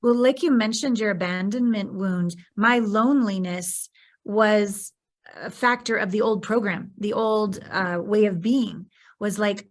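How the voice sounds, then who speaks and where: Woman podcast host, candid, expressive, mid-range voice. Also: medium pitch, a little slow. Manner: expressive, acts out her own reactions in animated bursts. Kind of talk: candid conversational interview.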